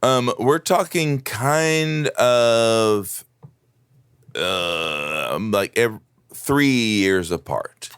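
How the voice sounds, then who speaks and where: A man co-hosting a casual comedy podcast, talking slowly and hesitantly with many fillers. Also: on the low side, animated, a bit bright, clean tone, no room sound, studio quality. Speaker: podcast co-host.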